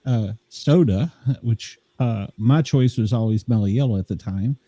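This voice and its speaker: A man from the southern US, chatting on a podcast in a laid-back, halting way with many fillers. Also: fairly low pitch, warm tone, dry recording. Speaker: podcast guest. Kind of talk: casual chat.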